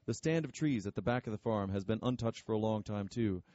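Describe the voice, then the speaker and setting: A man's voice: fairly low pitch, brisk, mellow, no echo, lo-fi sound, lightly acted. A man voicing an earnest, confident young farmer who speaks politely and with determination.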